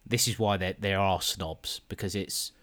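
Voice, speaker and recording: A man's voice: low voice, fairly even intonation, normal speed, fairly bright tone. A man co-hosting a casual film review podcast, talking in a dry, sarcastic way with plenty of swearing. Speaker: podcast co-host.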